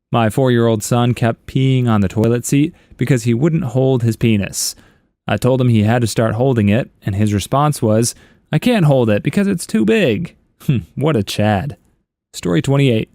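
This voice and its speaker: A man of middle pitch reads a run of short internet stories aloud, chuckling now and then and slipping in wry little asides. He is recorded on a close mic in a dry, dead space. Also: moderate pace, vocal fry, dark tone, dry recording. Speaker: story narrator.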